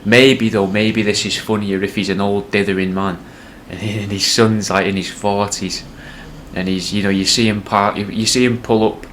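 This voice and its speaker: A man casually pitching a sketch idea, rambling with hesitant restarts. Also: little pitch movement, normal speed, a bit bright, a little hiss or hum. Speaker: comedy podcast host.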